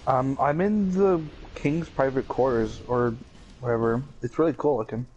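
A young man chatting casually while playing an online co-op game, offhand and distracted, talking fast in bursts. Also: mid-range voice, darkish tone, highs cut off, a little hiss or hum. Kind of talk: casual gaming chat.

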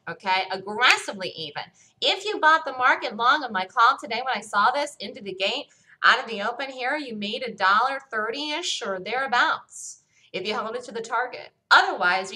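Bright, self-assured woman market commentator. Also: medium pitch. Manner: emphatic, self-assured, repetitive. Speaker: stock market show host. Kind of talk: solo market review commentary.

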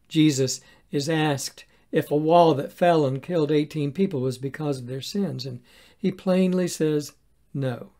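A pastor giving a devotional sermon in an earnest, measured way, often asking rhetorical questions. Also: mid-range voice, a little mellow.

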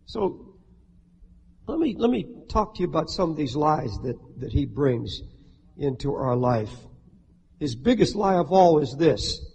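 A man's voice: on the high side, big pitch swings, measured pace, vocal fry, a little mellow, a little hiss or hum. A man preaching a sermon in a church sanctuary, fervent and emphatic with humorous asides. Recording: reverberant hall with faint ambience.

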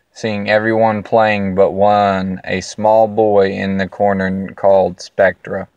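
A man's voice: lowish voice, smooth, no echo, muffled recording. A tired young man reading his own story aloud, stumbling and restarting as he loses his place. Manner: halting, with restarts and lost places. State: tired from lack of sleep.

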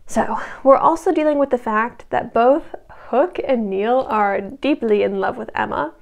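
A young woman recapping a TV show in a casual, chatty way, sliding into sarcastic asides to the viewer. Her voice sits fairly high and has a noticeable creak, and she sometimes drops to a soft half-whisper. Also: moderate pace, few pauses. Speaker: recap video host.

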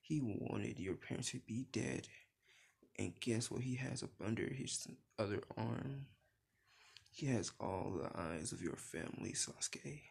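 A man's voice: medium pitch, unhurried, creaky, breathy edge. A man whispering as a young man in a whispered role-play. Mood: hushed. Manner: hushed and urgent. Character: young man confiding a dark secret.

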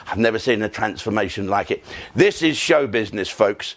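A man's voice: fairly low pitch, lively intonation, a little fast. An older man, a comedian telling rambling stories in a profane, self-mocking way. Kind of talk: comic monologue, casual storytelling.

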